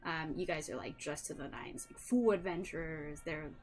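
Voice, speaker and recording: A woman's voice: low voice, moderate pace. A woman game master narrating a tabletop role-playing scene casually, with many "um" and "like" fillers.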